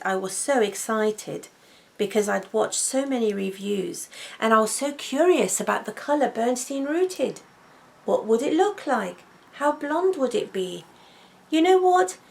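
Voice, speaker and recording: Slow, gravelly woman chatting. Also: a little high, noisy background. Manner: chatty and gushing, repeats words for emphasis. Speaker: wig vlogger. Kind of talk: relaxed intimate chat.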